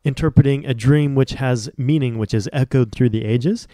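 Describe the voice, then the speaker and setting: A man's voice: medium pitch, normal speed, mellow, dry recording, clean studio sound. A man guesting on a casual scripture discussion podcast, earnest and rambling, with lots of "like"s.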